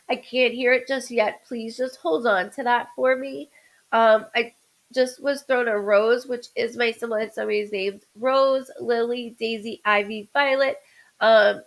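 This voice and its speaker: A woman's voice: a little high, low-quality recording. A woman doing a live-streamed psychic reading as a medium, rambling with stammered restarts and greeting viewers by name.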